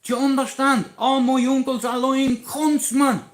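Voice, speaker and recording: A man with an Irish accent telling a story on a livestream, blunt, animated and swearing constantly. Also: extremely high pitch, unhurried, roomy sound.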